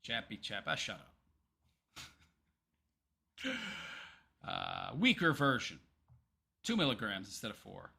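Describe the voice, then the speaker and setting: Bright-voiced rambling male streamer. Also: mid-range voice, huge pitch swings, slow pace, vocal fry, long pauses, husky. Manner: rambling, hesitant, many ums and restarts. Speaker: livestream commentary host. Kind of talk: casual livestream commentary.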